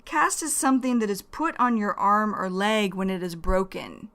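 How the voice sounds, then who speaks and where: A woman teaching English vocabulary, explaining idioms slowly and deliberately and repeating each phrase. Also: medium pitch, fairly bright tone.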